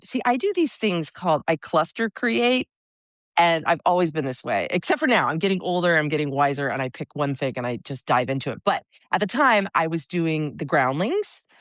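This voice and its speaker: Lively, laughing woman telling stories. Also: lowish voice, dry recording, studio quality. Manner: animated storyteller, laughs often, self-mocking. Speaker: guest, comedic stage performer. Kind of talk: casual interview chat.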